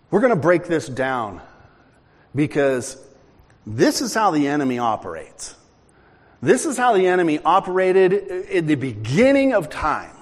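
Older male pastor, lively sermon delivery with acted-out dialogue, slightly high voice, reverberant hall. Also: a little slow. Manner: animated, conversational preaching with acted-out dialogue.

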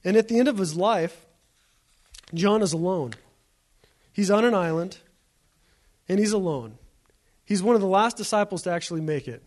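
A man's voice: sits high, normal speed, long pauses, darkish tone. A man preaching a sermon as a pastor, in a conversational storytelling way with repeated phrases.

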